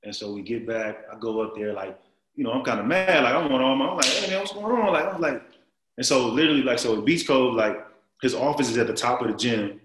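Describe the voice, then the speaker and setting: A man in his forties telling a long story as an interview guest, rambling and animated, with many fillers. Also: medium pitch, quick pace, roomy sound, poor audio. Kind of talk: casual storytelling.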